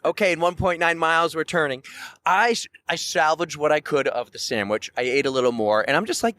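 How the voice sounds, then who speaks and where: Loud, animated storytelling man. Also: on the high side, fairly quick. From New Hampshire. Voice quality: loud, carrying voice. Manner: animated, acts out quoted voices. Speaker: podcast co-host. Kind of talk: casual storytelling chat.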